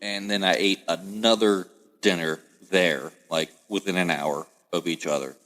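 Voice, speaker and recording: A man hosting a casual podcast chat, telling lively family stories and acting out the voices of relatives. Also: sits low, a little slow. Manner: animated storyteller, acts out family voices. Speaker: podcast host.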